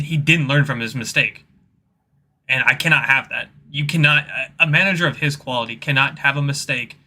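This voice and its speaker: Blunt frustrated man, very bright voice. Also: mid-range voice. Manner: blunt, frustrated, restarts mid-sentence. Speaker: panel guest. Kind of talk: casual fan opinion chat.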